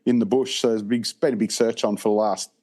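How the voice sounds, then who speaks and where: A man, a podcast co-host talking in a relaxed, rambling way with lots of fillers. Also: lowish voice, fast talker. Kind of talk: casual chat.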